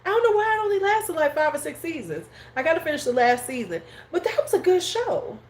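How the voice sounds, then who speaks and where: A woman's voice: very high-pitched, sing-song, fairly quick, a little hiss or hum. A woman hosting a casual livestream chat at home, rambling and slangy. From United States. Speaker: host.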